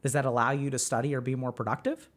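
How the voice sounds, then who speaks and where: Speaking quickly at a medium pitch, a man hosts a livestream as a mental health coach. His advice comes out animated, packed with rhetorical questions and a frequent "right?"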